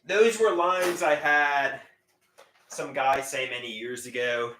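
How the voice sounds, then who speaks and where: Brief: male streamer, slow drawl, very bright sharp tone, shouty and crude, roomy echo. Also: medium pitch, a little hiss or hum. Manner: loud, shouting, crude and self-mocking. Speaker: livestream host. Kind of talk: rambling live stream with improvised songs.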